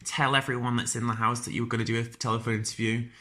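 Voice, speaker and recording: Talking fast in a flat, sharp, medium-pitched voice, a young man with a heavy Northern English accent hosts a podcast with casual careers advice, informal and chatty, with lots of ums and restarts.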